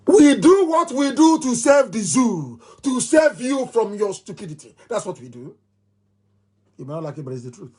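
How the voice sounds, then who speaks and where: A middle-aged Nigerian-accented man delivers a live political address. His voice is high-pitched and husky. He drives his points home by repeating them and breaks into scornful laughter. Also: big pitch swings, normal speed, darkish tone. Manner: emphatic and repetitive, with mocking laughs. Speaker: movement leader giving a broadcast.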